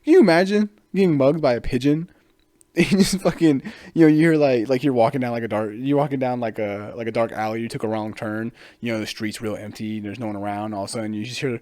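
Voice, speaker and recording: A man's voice: mid-range voice, quick pace, darkish tone, no echo, studio quality. A man hosting a casual solo podcast, rambling, swearing freely and laughing often. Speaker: podcast host.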